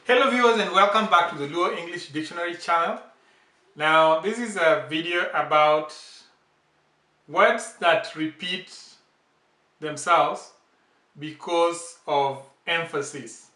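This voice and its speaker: A man teaches a casual language lesson in a slow, deliberate way. He repeats each example word carefully, and his voice is bright and fairly high. He sits back from the mic in a roomy, echoey space. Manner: slow, patient explanations with repeated example words. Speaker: language channel host. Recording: roomy echo, distant from the mic.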